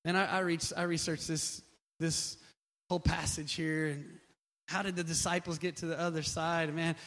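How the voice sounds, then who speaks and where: A man preaching a sermon, moving from quiet, conversational passages to loud, drawn-out emphatic lines. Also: a little high, flat delivery. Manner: builds from quiet to shouting, dramatic slow emphasis. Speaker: pastor.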